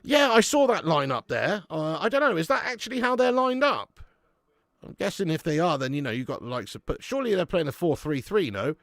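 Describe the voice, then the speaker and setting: A man's voice: on the high side, very animated, fairly quick, fairly bright tone, dry recording, clean studio sound. A young man hosting a live football watch-along, chatting casually with viewers, laughing often and swearing freely. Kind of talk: live casual chat reading viewer comments.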